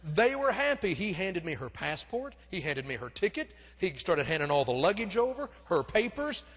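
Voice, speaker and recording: Middle-aged pastor telling a lively story. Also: male voice, sits high, moderate pace, slightly rough. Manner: animated, self-deprecating storytelling that acts out the scenes. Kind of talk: storytelling sermon. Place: church sanctuary. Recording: long reverb of a church sanctuary.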